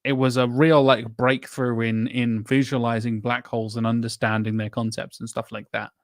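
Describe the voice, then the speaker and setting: A man's voice: medium pitch, flat delivery, moderate pace, no room sound, studio quality. Exasperated man in casual film chat. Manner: exasperated, swearing, sarcastic asides. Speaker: podcast co-host.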